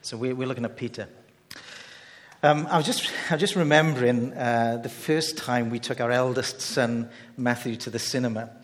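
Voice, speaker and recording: A man preaching a sermon in a conversational, halting way, often restarting his phrases as he talks to the congregation. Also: mid-range voice, fairly even intonation. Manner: conversational, halting with many repeated starts. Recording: long reverb from a large hall.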